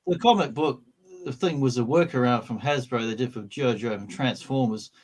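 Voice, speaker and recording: A man's voice: medium pitch, a little fast. A man co-hosting a casual livestream, talking chattily and laughing easily. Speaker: co-host.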